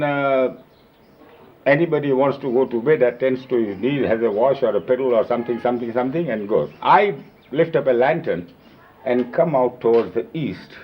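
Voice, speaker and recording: A man telling lively, emphatic anecdotes about his time as a companion, recorded on old videotape. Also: medium pitch. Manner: lively, emphatic retelling with acted-out quotes. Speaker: storyteller recalling his years as a companion. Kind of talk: informal anecdotal storytelling. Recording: dull lo-fi 1970s reel-to-reel videotape.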